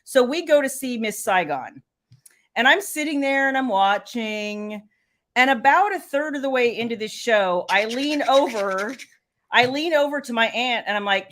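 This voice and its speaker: A middle-aged woman hosting a casual live stream, telling animated stories and acting out what people said. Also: fairly high pitch, normal speed. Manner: animated storyteller, acts out quotes. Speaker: host, romance author.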